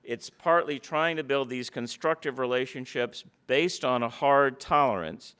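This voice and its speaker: A man's voice: medium pitch, a bit bright, clean tone. A man giving a public lecture, mixing stories into his talk. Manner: anecdotal, storytelling.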